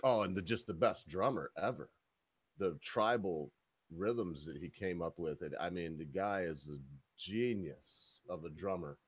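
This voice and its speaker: A man's voice: low-pitched, measured pace, breathy edge, no echo. A man co-hosting a casual podcast, bantering in a crude, mocking, joking way. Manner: profane, mocking, jokey.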